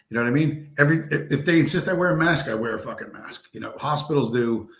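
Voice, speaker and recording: A man's voice: mid-range voice, fast talker, vocal fry, hardly any pauses, fairly bright tone. A man hosting a late-night livestream, ranting bluntly and crudely at his viewers from a home room, his voice getting worn. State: losing his voice. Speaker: livestream host. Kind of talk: profane late-night stream rant. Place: home room with a squeaky chair. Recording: roomy echo.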